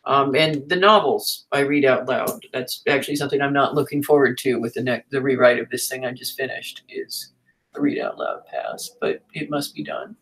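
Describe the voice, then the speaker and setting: A woman's voice: a bass voice, fairly even intonation, normal speed, a bit bright, poor audio. A woman teaching a writing class in a frank, chatty way, with fillers and asides. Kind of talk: casual teaching talk.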